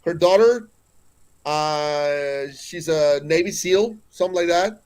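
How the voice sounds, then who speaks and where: A man in his forties with a Mexican accent, speaking a little higher than most men, appears as an interview guest. He tells spiritual stories slowly, earnestly and emphatically, often stumbling and starting his sentences over. His voice is darkish and clean.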